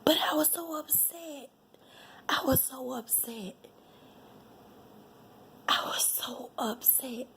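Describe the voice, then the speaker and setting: A woman tells a personal story, repeating herself and often sinking into a breathy whisper. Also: high-pitched, takes it slowly, pauses often, a bit bright, a little hiss or hum. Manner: emotional, repeats phrases, drops to a breathy whisper. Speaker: vlogger sharing a personal testimony.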